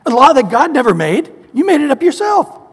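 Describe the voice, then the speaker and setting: High-voiced man preaching in a hall. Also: big pitch swings, fairly quick. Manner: emphatic, repetitive preaching with scripture quotes. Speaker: pastor. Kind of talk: sermon. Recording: echoey hall with long reverb.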